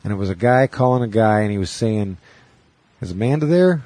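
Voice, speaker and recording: A man's voice: on the low side, fairly even intonation, fast, darkish tone, dry recording. A man hosting a casual chat who tells rambling stories and acts out the voices in them. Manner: rambling storyteller, acts out quotes.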